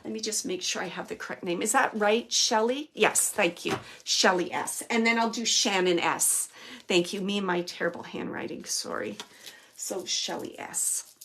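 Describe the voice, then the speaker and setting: A woman giving a psychic reading to viewers from her home. She speaks gently and reassuringly and often stops to restart her sentences. Her pitch and pace stay in an ordinary middle range. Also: normal speed, vocal fry, slight background noise. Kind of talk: live online psychic reading. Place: home, with a small dog nearby.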